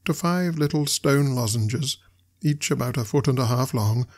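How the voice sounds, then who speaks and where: A man reading a classic novel aloud as an audiobook narrator, with measured storytelling delivery. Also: mid-range voice, darkish tone.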